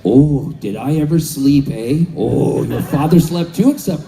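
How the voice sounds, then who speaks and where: A man's voice: on the high side, measured pace, vocal fry, dark tone, voice pushed down. A man imitating his elderly mother, eighty-eight, sleepy and content, in a drawling homey voice.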